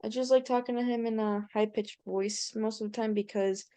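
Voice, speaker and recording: A woman's voice: a little high, fairly even intonation, normal speed, dark tone, smooth, no echo. A teenage girl, a student in an online tutoring session, talking hesitantly and searching for her words.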